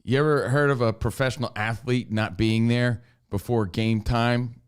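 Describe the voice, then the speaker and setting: A man's voice: mid-range voice, steady tone, moderate pace, clean tone. A man co-hosting a talk show, wisecracking and lecturing listeners in casual chat. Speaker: co-host. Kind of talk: casual radio show banter.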